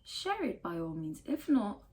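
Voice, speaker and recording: A woman with a Ghanaian accent giving casual advice to camera in an emphatic, animated way, full of rhetorical questions. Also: mid-range voice, measured pace. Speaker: lifestyle vlogger.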